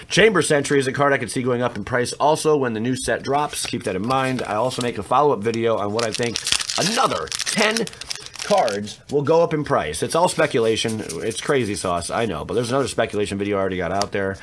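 Lively joking man opening card packs. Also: mid-range voice, a little fast, slight background noise. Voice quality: lively, swooping delivery. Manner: jokey, teasing, rambling asides. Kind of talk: casual pack-opening commentary.

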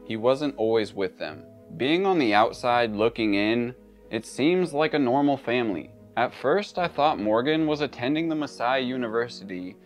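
A man narrating a true crime story in a conversational way, with casual asides. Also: mid-range voice.

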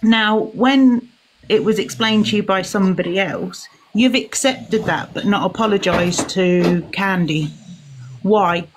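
A woman's voice: medium pitch, unhurried, rough recording. Woman caller on a live stream, pointed question, faint noise behind.

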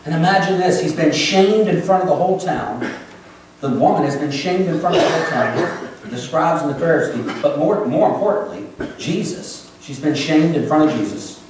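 A man preaching an emotional sermon, swinging between loud pleas and hushed confessions, in a church sanctuary. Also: a little high, lively intonation, moderate pace, a little hiss or hum. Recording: echoey church from a distant mic.

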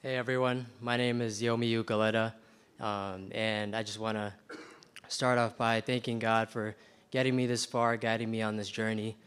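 A young man, a medical graduate, calmly thanking his family and mentors in a match day speech. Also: fairly low pitch, moderate pace, clear, resonant tone. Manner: calm, thankful, steady.

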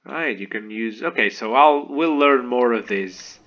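An excitable man giving let's play commentary, talking straight to his viewers. His voice is bright and forceful, with a mid-range pitch. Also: unhurried, dull audio. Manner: excitable, animated, talks to viewers. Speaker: gaming video host.

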